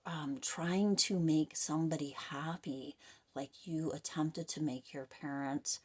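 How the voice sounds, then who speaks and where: A woman's voice: low-pitched, steady tone, takes it slowly, breathy edge. A woman giving a frank, rambling tarot reading to the camera, full of fillers and restarts. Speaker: tarot reader.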